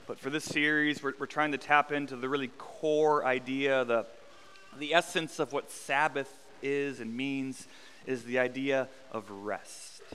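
A pastor in his thirties gives a sermon in a church sanctuary. His voice is bright and smooth, and it carries a long reverb through the hall. He talks to the congregation like friends, with easy self-deprecating humor, and he repeats key phrases to drive them home. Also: medium pitch, fairly even intonation, unhurried.

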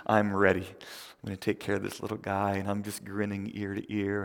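A male pastor giving a conversational sermon who swings between loud emphasis and near whispers, often repeating words, in a church. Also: on the low side, creaky, long reverb tail.

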